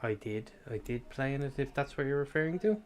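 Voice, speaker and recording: A man's voice: medium pitch, lively intonation, fairly quick. An Irish man streaming and talking straight to his viewers in a loose, casual chat. He rambles from one thing to the next, swears freely and talks between mouthfuls of sweets. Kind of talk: casual chat answering live chat.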